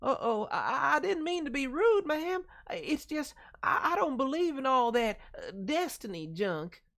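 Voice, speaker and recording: Woman voicing a late-teen country boy OC: soft-spoken, innocent, stuttering politely, high and lively. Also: normal speed, creaky, full character voice. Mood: bashful. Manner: stammering, bashful and polite.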